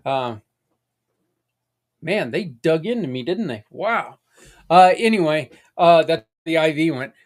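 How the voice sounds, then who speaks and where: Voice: mid-range voice, expressive, slow pace, long pauses. Folksy rambling podcast host. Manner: folksy and rambling, with tangents and mild swearing; earnest and encouraging. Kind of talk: casual podcast monologue.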